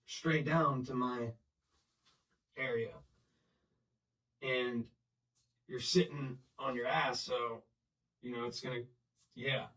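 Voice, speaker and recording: A man telling his own story in blunt, profane, halting talk full of restarts and fillers. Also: mid-range voice, a bit bright, distant mic, poor audio. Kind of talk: unscripted personal storytelling.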